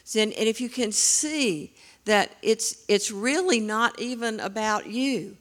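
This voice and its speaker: A woman in her seventies giving a sermon, earnest and measured as she quotes scripture. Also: a little high, a bit bright. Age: 70s. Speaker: preacher.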